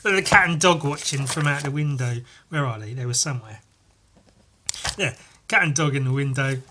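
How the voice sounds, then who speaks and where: A man's voice: medium pitch, a little fast, sharp tone, a little hiss or hum. A young British man giving casual, irreverent and heavily sweary commentary while leafing through comics. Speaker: comic reader and vlogger.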